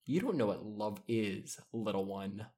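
A man's voice: fairly low pitch, lively intonation, measured pace, warm tone. Man doing a sneering older teen girl. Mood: mocking. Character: condescending older teen girl, casually cruel.

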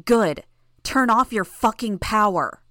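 A woman voicing a cruel, mocking young female villain who taunts in a raised, sharp voice. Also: mid-range voice, moderate pace, no room sound, studio quality, natural voice. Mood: threatening.

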